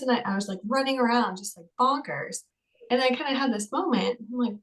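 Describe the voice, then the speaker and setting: A woman mental health counselor talking casually on a podcast, telling stories in a chatty, lively way with many fillers. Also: on the high side, a little fast, poor audio.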